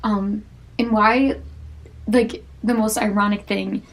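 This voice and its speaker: A woman's voice: medium pitch, steady tone, gravelly. Young woman podcast host, self-critical faith talk, full of "um" and restarts. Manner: halting, searching, many fillers and restarts. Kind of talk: personal faith reflection.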